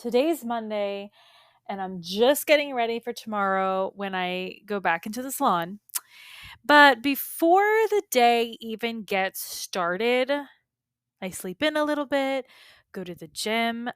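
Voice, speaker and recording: A woman's voice: medium pitch, a little slow, clear, resonant tone, dry recording. Chatty woman podcaster telling a story. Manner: animated, chatty, frequent fillers and asides. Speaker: podcast host and beauty business coach. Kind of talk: casual personal storytelling.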